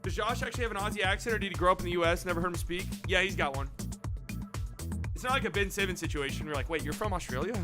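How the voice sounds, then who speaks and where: A man's voice: high-pitched, racing, over music. A man hosting a live-stream watch party, reacting to a basketball game with wry, profane remarks.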